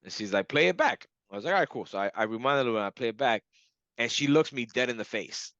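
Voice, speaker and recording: A young adult man, a client of a hypnotherapist, telling a casual story with animated laughter and acted-out quotes. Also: medium pitch, fast talker, no echo, muffled recording.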